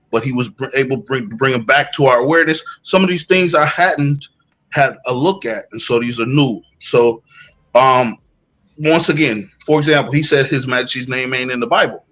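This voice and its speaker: A man's voice: mid-range voice, fairly bright tone, poor audio. Fiery preachy man on a rant. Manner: emphatic, preachy, fires off rhetorical questions. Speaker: online commentator. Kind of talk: heated commentary rant.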